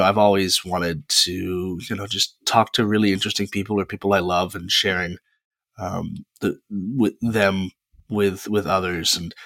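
A man in his twenties hosts his own podcast alone, talking in a chatty, rambling way with frequent pauses into a close mic. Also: low-pitched, fairly bright tone, no echo. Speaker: podcast host. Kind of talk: casual solo podcast monologue.

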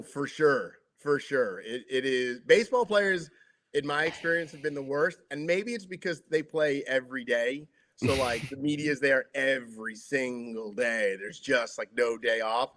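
A man's voice: mid-range voice, normal speed, slight background noise. A middle-aged man, a sports broadcaster, telling locker-room stories in a casual chat, acting out the quotes and using lots of filler words. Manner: lively storyteller acting out quotes, many "like" fillers. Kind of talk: casual anecdotal storytelling.

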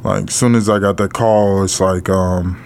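A middle-aged man with a low voice tells a personal story slowly, pausing often and leaning on fillers. His talk is blunt and sprinkled with casual swearing. A faint noise sits under the recording. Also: fairly even intonation, creaky, a little mellow. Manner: halting, with frequent pauses and fillers. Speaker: podcast co-host.

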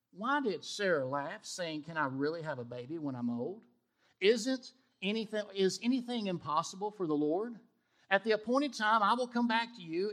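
A high-voiced man preaching a sermon. He tells stories with energy and acts out the voices of the people in them. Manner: animated storytelling, acts out the dialogue of the people he quotes. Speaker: pastor.

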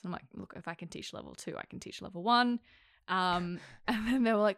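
A woman who teaches acting, chatting casually and telling animated stories with frequent laughs. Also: on the low side, fairly quick, clear, resonant tone, dry recording, clean studio sound. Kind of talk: casual chat.

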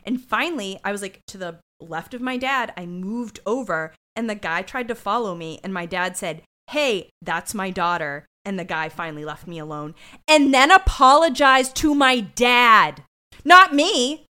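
A woman co-hosting a podcast, chatting casually about a TV episode, animated and laughing, swearing freely. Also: lowish voice, normal speed, few pauses. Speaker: podcast co-host. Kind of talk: casual chat recapping a TV episode.

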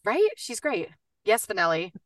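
A woman voice actor and coach talking in a casual podcast interview, chatty and upbeat with quick bursts and lots of fillers. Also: medium pitch, sing-song, no echo, clean studio sound, recorded from a distance.

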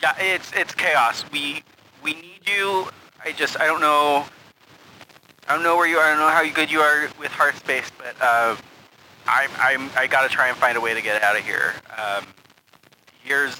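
A man's voice: fairly high pitch, sharp tone, slight background noise, voice pushed up, rough recording. A man voicing a panicked male ship captain who stammers and breaks off mid-sentence. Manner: frantic, halting, stammering.

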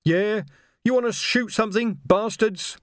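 A man's voice: a little high, moderate pace, no room sound, clean studio sound, natural voice. A man voicing a grieving, bitter male militiaman who weeps and rails against the world. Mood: defiant yelling. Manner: bitter, wailing. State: crying.

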